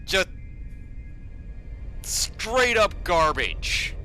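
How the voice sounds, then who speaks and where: A man's voice: high voice, big pitch swings, extremely slow, sharp tone, soft background music. A man streaming a game live, ranting sarcastically and swearing a lot.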